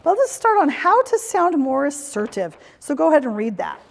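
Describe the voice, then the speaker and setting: A woman's voice: high-pitched, sing-song, normal speed, vocal fry. A woman corporate trainer giving a live workshop talk, telling stories and asking the audience questions. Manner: storytelling, chatty, asks the audience questions. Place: conference room or hall. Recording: speech in a hall with long reverb.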